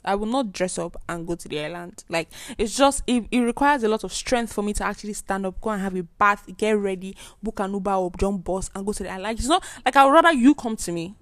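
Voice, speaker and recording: Young Nigerian woman hosting her own podcast, mid-pitched, dry close sound, hammers her points home by repeating them. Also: dry recording. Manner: emphatic, repeats herself for force. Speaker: podcast host. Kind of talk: casual solo monologue.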